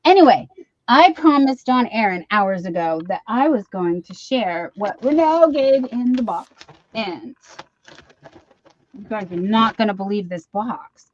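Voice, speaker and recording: A woman's voice: mid-range voice, a little mellow, dull audio. A middle-aged woman hosting a casual live-stream chat from home, chatty and easily sidetracked, often poking fun at herself. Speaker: livestream host. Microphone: computer mic for a live stream.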